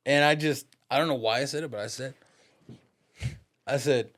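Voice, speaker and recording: A man's voice: medium pitch, moderate pace. A man as a podcast guest, telling a story in casual, profane, slangy talk and acting out the voices in it. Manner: lively, acts out the voices in his stories.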